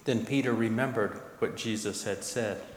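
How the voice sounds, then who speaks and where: A man narrating a scripture passage in a measured, solemn liturgical reading. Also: fairly low pitch. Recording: echoey hall, long reverb.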